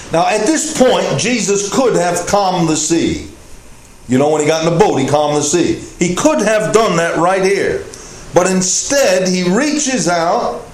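A man with a high voice preaches a sermon, earnest and emphatic, leaning into key points with small "uh" pauses. The sound is roomy and echoey, with a faint hiss underneath. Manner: earnest preaching with rising emphasis and frequent "uh" fillers. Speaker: pastor. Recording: echoey room with faint noise.

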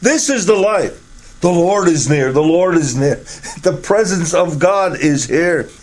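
Middle-aged guy preaching, slow and deliberate, a bit high voiced, punches key words up high. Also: lively intonation. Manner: emphatic, rising to high ringing stresses on key words. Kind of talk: sermon.

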